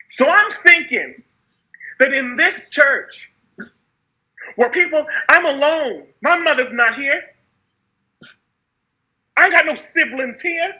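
Impassioned woman with a very high, bright voice. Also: low-quality recording. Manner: raw, impassioned, with repeated phrases for emphasis. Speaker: speaker sharing her story. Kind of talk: personal testimony monologue.

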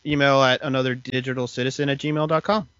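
A man's voice: mid-range voice, level tone, fast, fairly bright tone, smooth, no echo, dull audio. A man co-hosting a podcast, recapping a story in a rambling way with lots of fillers. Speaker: podcast co-host. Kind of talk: casual chat.

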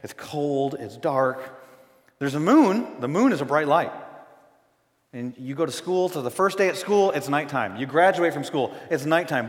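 A man preaching a sermon as pastor, conversational, swinging between loud emphasis and hushed moments, recorded in a church sanctuary. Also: on the high side, lively intonation, moderate pace, in a large hall.

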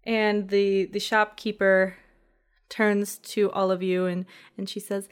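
A woman running a tabletop game as game master, describing scenes in a relaxed, rambling way. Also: medium pitch, takes it slowly, clear, resonant tone.

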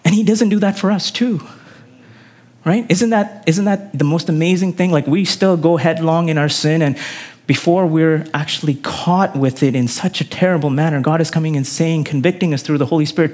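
A man delivers a sermon with a slightly higher voice than most men. He preaches earnestly, pushing up on key phrases and then sinking to low, quiet endings. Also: normal speed. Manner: earnest preaching with rising emphasis and sudden drops. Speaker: pastor.

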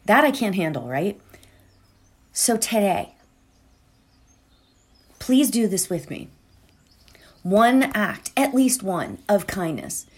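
Woman meditation host, slow and rambling, pitch moving up and down a lot, heartfelt casual talk. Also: very animated, breathy edge. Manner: rambling and heartfelt, with many fillers and restarts. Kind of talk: casual spiritual talk before a guided meditation.

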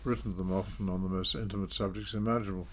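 Older Englishman, low measured voice. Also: steady tone, slight background noise. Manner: measured, self-deprecating, with frequent fillers. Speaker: interview guest, former politician. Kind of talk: reflective storytelling.

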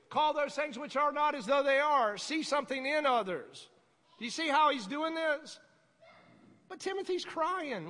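A woman preaching a sermon in a conversational way, breaking into sudden shouted bursts. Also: on the high side, expressive, normal speed. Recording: echoey hall.

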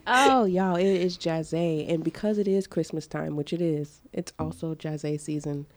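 Playful low-voiced woman co-host. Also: a little slow, darkish tone. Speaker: podcast co-host. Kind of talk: casual group chat.

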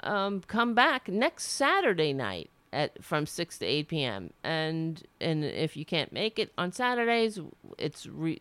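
A woman's voice: low voice, clean tone, no echo. A woman from New York with a New York accent, hosting a political talk radio show, blunt and indignant, swearing freely and restarting her sentences.

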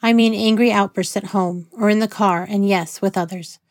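A woman reading the part of a soft-spoken female counselor who speaks gently and patiently. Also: medium pitch, fairly even intonation, normal speed, no echo, clean studio sound, close to an everyday voice. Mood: gentle.

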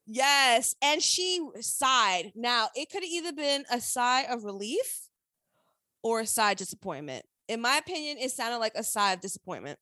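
A woman recapping a TV episode in casual chat, animated, opinionated and profane. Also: on the high side, normal speed, no echo.

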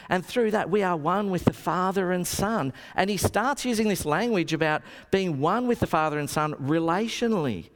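A man preaching a sermon, telling stories and acting out the quotes. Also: fairly high pitch. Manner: storytelling, animated, acts out quotes. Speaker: pastor. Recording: long reverb of a hall.

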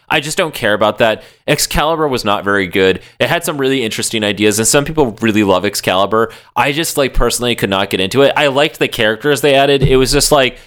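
A man's voice: lowish voice, a bit bright, clean tone. A man co-hosting a podcast in casual chat, rambling and swearing freely with lots of "like". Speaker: podcast co-host.

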